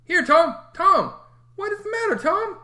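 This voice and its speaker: A reader voicing an anxious younger boy in an audiobook, speaking high and pleading. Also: animated, unhurried, bright, forceful tone, roomy sound. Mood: alarmed. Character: anxious younger boy, tattling half-brother. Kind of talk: audiobook character voice.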